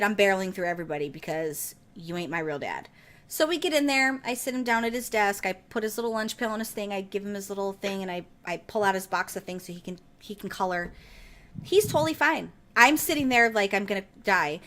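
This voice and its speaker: A woman's voice: mid-range voice, animated, fairly quick, a bit bright. A woman in her thirties hosting a podcast, telling a casual, profane story with laughter. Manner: laughs while telling stories. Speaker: podcast host. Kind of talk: casual chat.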